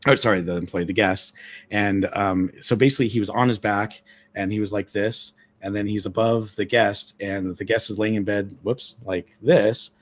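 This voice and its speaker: A man's voice: on the low side, fairly even intonation, normal speed. A man casually telling a ghost story on a live stream, full of fillers and acting out the people he quotes. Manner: chatty, many fillers, acts out quoted voices. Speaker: guest storyteller, former ship employee.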